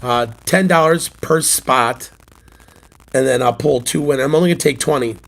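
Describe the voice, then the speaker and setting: A man's voice: mid-range voice, normal speed. A man in his forties hosting a casual morning chat on his channel, telling a family story with frequent laughter and a recurring cough. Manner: chatty storyteller, laughs often. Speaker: channel host, sports-card collector and youth coach.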